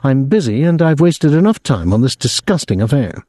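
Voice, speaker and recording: A man's voice: medium pitch, sing-song, normal speed, dark tone, no echo, voice pushed up. A male audiobook narrator voicing a spiteful female schoolteacher who hisses her words in a harsh whisper. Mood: venomous. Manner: hissing, venomous.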